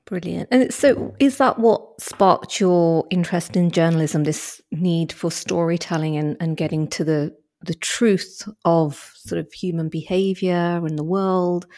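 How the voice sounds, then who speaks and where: A woman with a fairly low voice interviews her guest and asks her questions in a soft, steady way. Between the guest's answers she mostly gives short murmurs of agreement. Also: a little slow. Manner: soft backchannels, attentive listener. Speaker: interviewer host.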